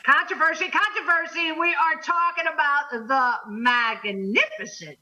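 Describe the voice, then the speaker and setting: A woman's voice: sits high, a little slow, bright, forceful tone, poor audio. A woman co-hosting a casual talk show, brash and joking, laughing often. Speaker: co-host. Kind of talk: casual chat.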